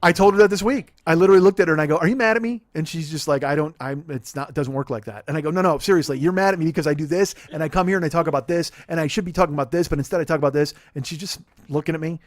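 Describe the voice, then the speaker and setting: A man's voice: fairly high pitch, fairly even intonation, very fast, hardly any pauses, dry recording. A man in his forties hosting a podcast, ranting in a profane, self-deprecating, rambling way. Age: 40s. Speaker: podcast host. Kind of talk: casual comedic rant. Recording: dry close-mic studio sound.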